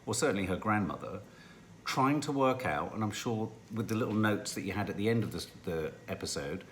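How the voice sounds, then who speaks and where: A man's voice: fairly low pitch, expressive, fairly quick, fairly bright tone, slight background noise. A man co-hosting a casual TV review chat, talking in an enthusiastic, rambling way. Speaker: TV review podcast co-host.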